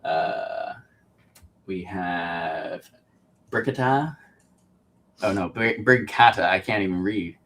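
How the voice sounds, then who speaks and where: A man's voice: deep voice, slow pace, pauses often, a bit bright. A man hosting a casual livestream show, chatting easily and reading out viewer comments with frequent ums. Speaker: podcast host.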